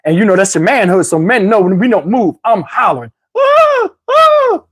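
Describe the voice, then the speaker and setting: Man, husky voice, casual comedic storytelling, slangy and animated. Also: high-pitched, fast talker. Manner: animated, slangy, swears freely.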